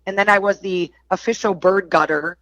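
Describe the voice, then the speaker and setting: A woman's voice: medium pitch, steady tone, normal speed, fairly bright tone, no echo, highs cut off. A middle-aged woman from Wisconsin with a Wisconsin accent, a podcast guest chatting casually and animatedly, laughing often. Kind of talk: casual chat.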